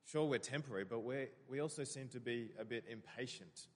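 A man's voice: mid-range voice, a little fast, in a large hall. A man preaching a sermon, earnestly explaining scripture and reading verses aloud.

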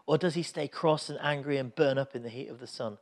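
A man's voice: mid-range voice, fast. A man preaching a sermon, telling a Bible story in an earnest, reflective way.

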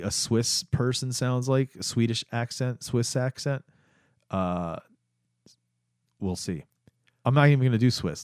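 A man's voice: medium pitch, darkish tone, no echo, clean studio sound. A man hosting a casual history-of-the-day podcast, rambling with many fillers and restarts. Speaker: podcast host.

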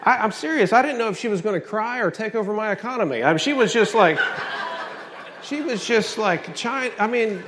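A man preaching a sermon, emphatic and animated, asking the congregation questions and telling family stories. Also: high voice, a little fast, noisy background. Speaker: pastor.

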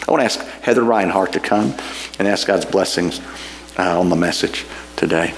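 A man's voice: deep voice, moderate pace, slight background noise. A man preaching a sermon, reading scripture and telling a folksy story with frequent fillers and repeats. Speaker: pastor.

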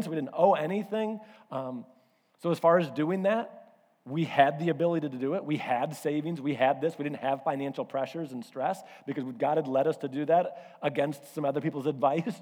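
Animated man preaching in reverberant hall. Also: a little high. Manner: animated storyteller, acts out voices and asides. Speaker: pastor. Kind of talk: sermon storytelling.

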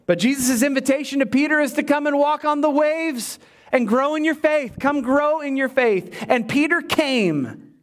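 Male pastor, higher-pitched voice, lively preaching style that plays out the scenes. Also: normal speed. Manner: animated preaching, voices Bible characters. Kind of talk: sermon.

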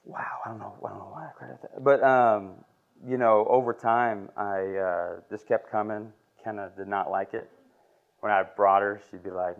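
Young man, lowish voice, halting emotional testimony, church classroom, muffled lo-fi sound. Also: steady tone. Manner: halting, emotional, filler-heavy. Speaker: lay preacher. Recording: muffled lo-fi recording.

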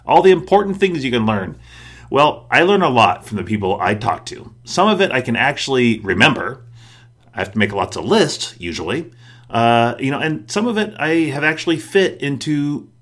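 A man's voice: medium pitch, a bit bright. A man hosting a podcast, chatting casually and then closing with a reflective, encouraging monologue. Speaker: podcast host.

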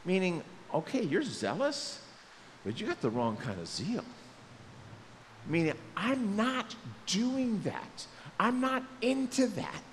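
Pastor guy preaching, high voice all over the place, goofy bits, church echo, faint noise behind. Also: takes it slowly. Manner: lively, joking, acts out quotes in voices. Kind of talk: sermon. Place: church sanctuary.

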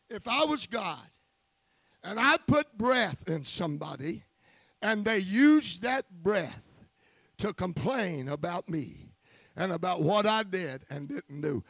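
A man preaching a sermon, swinging from quiet asides to fervent shouting and calling on the congregation for amens. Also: sits high, gravelly, no echo.

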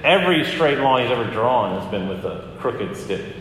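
A pastor giving a conversational sermon, often pausing with fillers and restarting his phrases. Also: mid-range voice, expressive, fairly bright tone, a little hiss or hum. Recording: echoey hall with long reverb.

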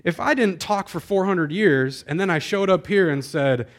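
A pastor preaching to a congregation in a casual, chatty way. His voice sits a little high for a man, and he keeps turning to the listeners with questions. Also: moderate pace. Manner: conversational, addresses the congregation directly. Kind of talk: sermon. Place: church before a live congregation.

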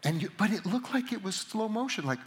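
A middle-aged man giving a sermon to a live audience, telling a story about himself with animated, self-mocking humor. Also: high voice, brisk, noisy background. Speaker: pastor or conference speaker.

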